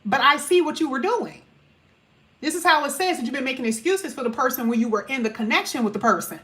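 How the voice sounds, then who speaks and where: Woman, high voice, tarot reader, chatty, emphatic, casual slang. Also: lively intonation, fast, bright, forceful tone. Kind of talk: casual tarot reading to viewers.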